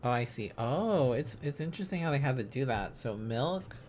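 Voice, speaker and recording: A man's voice: mid-range voice, animated, moderate pace, a little mellow, slight background noise. A man streaming casually, thinking aloud as he learns, sounding out syllables and chuckling often.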